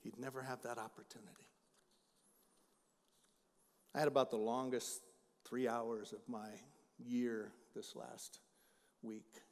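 A middle-aged man preaches, at times rising to loud emphasis, then dropping into hushed personal stories. His pitch sits in an ordinary middle range. The sound carries a long reverb from the sanctuary. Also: little pitch movement, slow, pauses often. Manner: swings from loud emphatic preaching to quiet storytelling. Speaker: pastor. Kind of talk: sermon. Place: church sanctuary.

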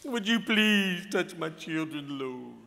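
A desperate worshipper begs in a slow, drawn-out whine, as a preacher mocks him in a sermon. The voice sits high and carries a long echo through a big hall. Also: male voice, expressive, gravelly, bright, forceful tone, full character voice. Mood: pleading. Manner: pleading, drawn out. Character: whining, desperate begging worshipper, adult. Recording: reverberant church hall.

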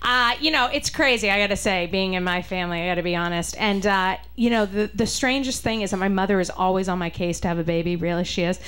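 A woman's voice: medium pitch, fast, few pauses, fairly bright tone, clean tone. A woman from Boston with a Boston accent, doing a stand-up comedy set with a chatty, punchy delivery aimed at the audience. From Boston, Massachusetts.

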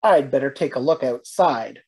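A woman's voice: extremely low pitch, animated, moderate pace, darkish tone, husky, pitched below the performer's own voice, full character voice. A woman voicing a flustered old bell ringer who mutters in puzzlement in a storybook reading. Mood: puzzled.

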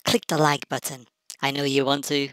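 A woman putting on a gruff, deep announcer voice, mock-threatening. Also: level tone, normal speed, no room sound. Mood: mock menace.

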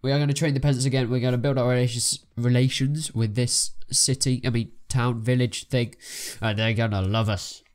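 A young man, chatting casually through a game and getting excitable in the busy moments. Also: medium pitch, fairly quick, hardly any pauses. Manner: chatty, self-narrating, excitable bursts. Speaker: let's play gamer. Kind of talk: casual gameplay commentary.

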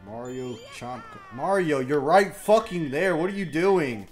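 A young man giving crude live commentary on a party video game, muttering complaints under his breath, then yelling and trash-talking the computer players. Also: fairly high pitch, animated, measured pace, few pauses, soft background music. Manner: crude trash talk, swinging from mumbled grumbling to yelling. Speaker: gaming YouTuber.

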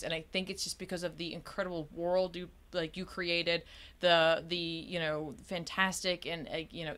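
A woman's voice: lowish voice, a bit bright. A young adult woman hosting a podcast interview, gushing with admiration and restarting her sentences often. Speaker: podcast host. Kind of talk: casual interview chat.

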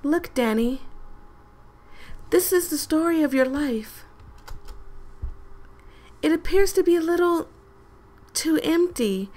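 Brief: woman reading as a perky young game girl, high and bossy, slow coaxing lines with some gravel. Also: lively intonation, darkish tone.

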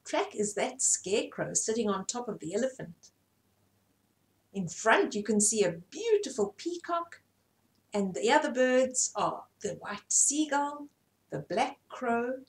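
An older woman reading a bedtime story aloud to children, gently explaining the pictures. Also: fairly high pitch, big pitch swings, unhurried.

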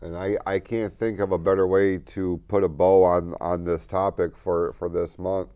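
A man's voice: low voice, flat delivery, moderate pace, warm tone, clear, resonant tone. A man hosting a local TV talk show, giving an earnest motivational talk in the studio that builds to emphatic points.

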